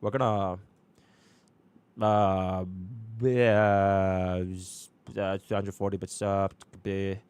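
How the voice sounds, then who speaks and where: A man's voice: sits low, level tone, very slow, darkish tone, clear, resonant tone, no room sound. Chatty young male streamer, dry mic. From Singapore. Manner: chatty, repeats filler phrases, mutters to himself. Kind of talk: casual live-stream chat.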